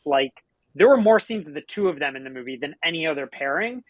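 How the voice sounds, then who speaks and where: A woman with a husky, slightly breathy voice rambles through her thoughts on a film. She fills her talk with "like", and the sound is dry and close. She speaks casually, as in a chat among friends. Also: deep voice, expressive, quick pace, no echo. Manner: rambling, full of "like" fillers. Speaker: podcast co-host.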